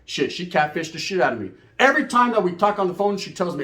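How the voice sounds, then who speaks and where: High-pitched man telling a rambling story. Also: very animated, fast, a bit bright, echoey room. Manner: profane, rambling, acts out voices. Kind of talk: casual comic storytelling.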